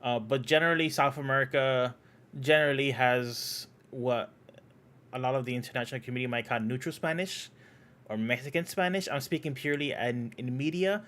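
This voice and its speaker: A man's voice: mid-range voice, a little fast, a bit bright. A man chatting casually on a podcast, hesitant with lots of ums. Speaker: podcast co-host. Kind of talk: casual chat.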